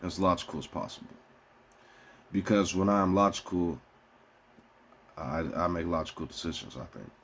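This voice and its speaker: A man venting casually to his viewers in a profane, rambling way, swinging between heated outbursts and quieter musings. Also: deep voice, moderate pace, pauses often. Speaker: vlogger. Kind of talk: casual rant to camera.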